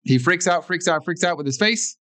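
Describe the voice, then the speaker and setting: A man's voice: high voice, lively intonation, a little fast, pushed and bright, no room sound. A man co-hosting a podcast, recapping a movie in a rambling, crude casual chat full of swearing. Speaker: podcast co-host.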